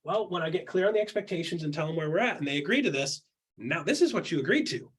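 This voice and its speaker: A man talks through coaching advice in a casual, punchy way. His voice sits somewhat high for a man and has a husky, breathy grain. He is emphatic and blunt, and he slips into quick put-on voices when he quotes people. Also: lively intonation. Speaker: podcast host.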